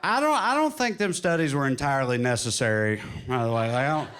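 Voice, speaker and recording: A man in his thirties with a Southern drawl, doing stand-up on a comedy club stage, telling wry stories and putting on quick voices. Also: medium pitch, animated, fairly bright tone, a little hiss or hum. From Tennessee. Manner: drawling, wry storytelling with sudden put-on quotes. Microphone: handheld stage mic.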